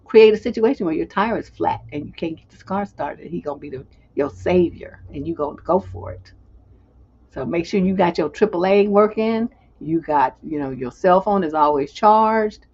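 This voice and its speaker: A woman's voice: on the low side, moderate pace, darkish tone, husky, lo-fi sound. A middle-aged woman hosting a live relationship advice stream, speaking bluntly and emphatically, with some profanity. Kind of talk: live advice stream, answering a viewer letter.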